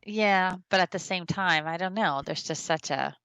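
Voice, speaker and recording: Low-voiced woman co-host, dry close sound. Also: moderate pace, fairly bright tone, smooth, no echo. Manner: reads aloud, then muses hesitantly. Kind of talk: commentary on a clip.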